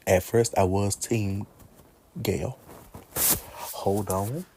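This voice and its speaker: A man in his twenties chatting casually in a vlog, animated, talking back to characters and laughing often. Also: deep voice, slightly rough. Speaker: vlogger ranking favorite movies. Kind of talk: casual chat.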